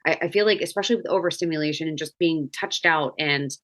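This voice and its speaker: A woman's voice: low-pitched, fast, fairly bright tone. A woman in her thirties hosting a podcast, a mother talking earnestly and reflectively, often restarting her sentences. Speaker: podcast host. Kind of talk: casual chat.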